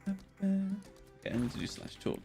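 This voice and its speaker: A man's voice: high-pitched, animated, a little slow, mellow, breathy edge, faint music behind. A young man rambling casually on a game live stream, greeting viewers by name as he plays.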